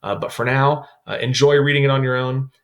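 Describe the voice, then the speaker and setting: A man, a youth pastor, teaching a Bible devotional in a calm, explanatory way with frequent "uh" fillers. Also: mid-range voice, fairly quick.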